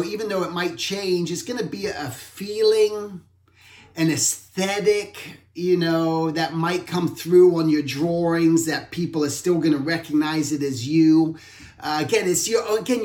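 A man's voice: fairly high pitch, darkish tone. Man in a roomy echo, rambling art talk. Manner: rambling, reflective, self-correcting. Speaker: art instructor.

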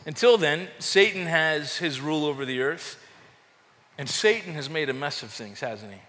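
A man delivering a passionate sermon in a high, bright, forceful voice. He repeats words and lifts his voice in calls to the church, and a long hall reverb trails after him. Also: animated, normal speed. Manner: impassioned preaching with repeated words and rising calls. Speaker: pastor.

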